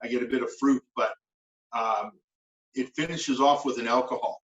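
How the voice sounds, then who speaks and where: A man's voice: mid-range voice, fairly even intonation, normal speed. Canadian guy, distant and dull in a roomy space. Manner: matter-of-fact, explanatory. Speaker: co-host of a whisky tasting show. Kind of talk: casual tasting chat.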